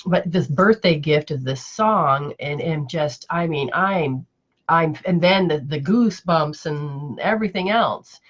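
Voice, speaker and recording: A woman's voice: sits low, measured pace, lo-fi sound. A woman spiritual teacher in casual live chat, telling stories in a rambling, emotional way with many restarts.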